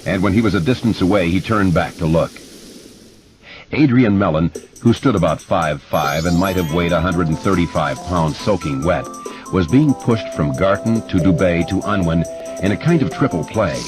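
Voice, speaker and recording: A man giving expressive, measured narration of a horror audiobook. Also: low-pitched. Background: music.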